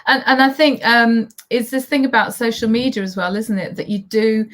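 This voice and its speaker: A woman's voice: fairly high pitch, fairly even intonation, normal speed, fairly bright tone. A woman hosting an online interview, encouraging her guest and reading out viewer comments. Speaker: host.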